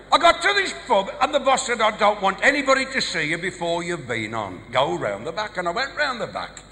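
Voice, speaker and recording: Man, Black Country accent, stand-up comic, lively swooping high voice, reverberant hall. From English West Midlands. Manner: rattles off one-liners and short gag stories. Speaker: stand-up comedian. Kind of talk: live stand-up routine. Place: large live venue. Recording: live hall reverb, faint noise.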